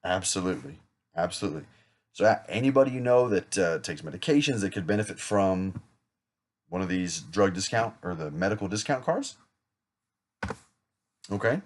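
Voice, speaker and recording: A man's voice: deep voice, very animated, moderate pace, long pauses. A man acting as an insurance agent in a practice sales role-play, talking casually with small jokes and self-corrections. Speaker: insurance agent rehearsing a client pitch.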